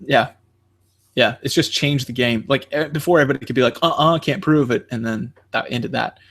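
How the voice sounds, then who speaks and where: Man co-hosting a casual podcast, brisk, rambling and animated. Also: medium pitch, breathy edge. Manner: rambling, many fillers and restarts; animated, jumps into quoting others. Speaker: podcast co-host. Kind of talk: casual chat.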